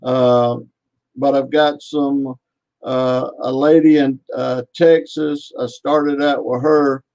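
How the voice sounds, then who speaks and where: A man talking casually as a radio guest, halting and full of fillers. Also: medium pitch, level tone, darkish tone. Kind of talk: casual interview chat.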